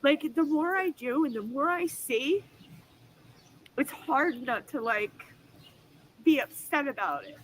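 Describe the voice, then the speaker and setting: A woman's voice: high voice, lively intonation, slow, pauses often, a little hiss or hum, poor audio. A woman in her forties, upset and tearful, swearing as she talks into her phone in an emotional vlog after an arrest. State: crying. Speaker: vlogger.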